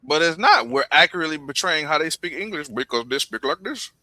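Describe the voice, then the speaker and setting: A man co-hosting a podcast, arguing his point in an animated way. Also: on the high side, fairly quick, no room sound. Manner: animated, argumentative. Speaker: podcast co-host. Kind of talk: casual chat.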